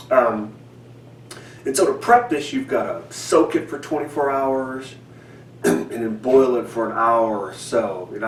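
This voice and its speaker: A man talks through a casual fishing how-to at home, rambling and halting with plenty of ums and restarts. His somewhat low voice sits away from the mic in a roomy, echoey space. A faint hiss runs underneath. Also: recorded from a distance. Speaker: fishing channel host. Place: home indoors.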